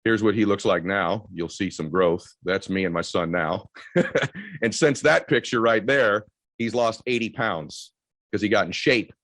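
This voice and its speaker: A man in his forties giving a motivational speech to a live audience, telling a story with quick, energetic delivery and loud shouts at the high points. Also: no echo. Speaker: motivational keynote speaker. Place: event stage before a live audience.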